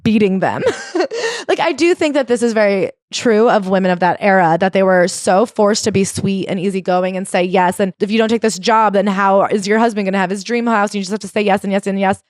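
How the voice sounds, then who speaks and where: A woman co-hosting a podcast, chatting casually about a memoir, animated and jumping high in pitch when excited, swearing casually. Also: fairly quick, hardly any pauses, no echo, clean studio sound. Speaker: podcast co-host. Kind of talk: casual book club chat.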